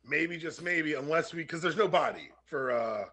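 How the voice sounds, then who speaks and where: A man co-hosting a podcast, chatting casually and joking, with quick comic-book references. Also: a little high, animated, bright, forceful tone, breathy edge. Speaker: podcast co-host. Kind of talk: casual chat.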